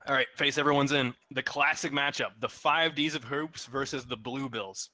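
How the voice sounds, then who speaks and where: A man's voice: mid-range voice, fairly even intonation, moderate pace, pushed and bright, dry recording. A man co-casting a live-streamed tournament, with teasing, matter-of-fact remarks. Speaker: esports tournament co-caster. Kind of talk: casual live-stream commentary.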